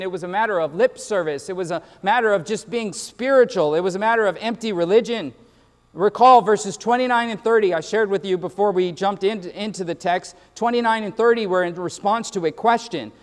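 Guy preaching in church, pretty high voice, hammers points over and over, long hall echo. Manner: emphatic, repetitive preaching with quoted asides. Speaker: pastor. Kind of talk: sermon. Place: church sanctuary.

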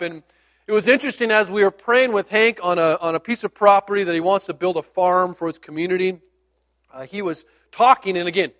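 A male pastor preaching a sermon in a church, talking loosely and with rising enthusiasm. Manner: loose, rambling and enthusiastic, grows louder and higher when fired up. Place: church sanctuary.

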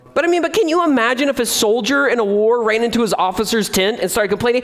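A man preaching a sermon as pastor, animated and acting out the voices of complaining people. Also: very high voice, quick pace, few pauses.

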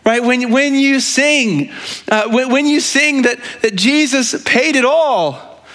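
High-pitched guy preaching, talks like a conversation, keeps saying "right?". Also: slow pace, fairly bright tone. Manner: conversational, frequently asks "right?"; earnest, with repeated restarts. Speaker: pastor. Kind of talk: sermon.

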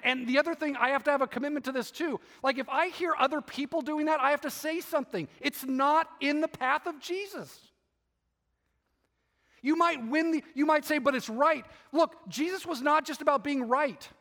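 A man's voice: very high voice, fairly bright tone, big-room sound. A male pastor preaching with passion, repeating key phrases for emphasis. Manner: impassioned, emphatic preaching with repetitions. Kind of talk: sermon.

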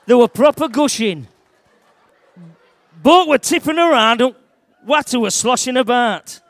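A man tells a Bible story in the first person, in thick dialect, throwing in shouts at the big moments. His voice sits fairly high for a man, and the sound is close and dry. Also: a little slow, no room sound. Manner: broad dialect, lively, shouts at dramatic moments. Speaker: church storyteller.

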